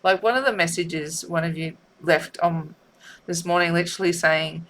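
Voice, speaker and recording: A woman, a tarot reader talking in a heartfelt, tearful way, often halting and repeating herself. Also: lowish voice, steady tone, a bit bright. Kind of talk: emotional spiritual vlog.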